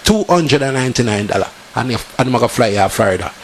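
Gravelly Jamaican radio host. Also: male voice, mid-range voice, quick pace, a little hiss or hum. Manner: animated, repetitive sales patter. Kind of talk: ad reads in patois.

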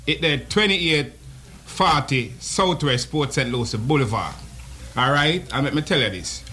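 A man's voice: fairly high pitch, expressive, measured pace, pushed and bright, slight background noise. A man with a Jamaican accent, a barber, talking about his shop in an easygoing way. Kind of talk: casual promo chat.

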